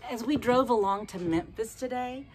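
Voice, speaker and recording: A woman telling a story to children in an animated way, often asking the listeners questions. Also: on the high side, moderate pace, a little hiss or hum. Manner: lively, animated storytelling with asked questions to kids.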